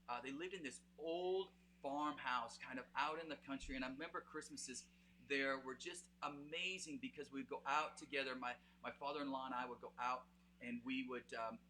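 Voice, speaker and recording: Bright-voiced Canadian man hosting a live stream. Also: mid-range voice, slight background noise. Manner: chatty and rambling, many fillers, speaks straight to viewers. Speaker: host of a live music show. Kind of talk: casual live-stream chat.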